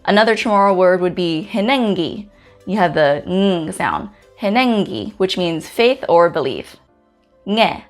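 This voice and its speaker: A woman from Guam hosting a pronunciation lesson, saying each letter slowly and carefully with example words. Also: fairly low pitch, animated. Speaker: host teaching the Chamorro alphabet. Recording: faint music in the background.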